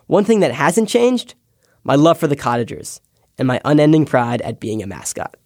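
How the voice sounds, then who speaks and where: A man's voice: on the high side, animated, moderate pace, a little mellow, no echo. Young American man, scripted personal essay, wry storyteller, dry close mic. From United States. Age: young adult. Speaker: podcast intern.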